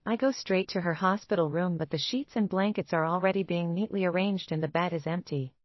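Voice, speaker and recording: A woman reading a first-person romance novel aloud in a measured, even way. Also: lowish voice, no echo, dull audio. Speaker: audiobook narrator.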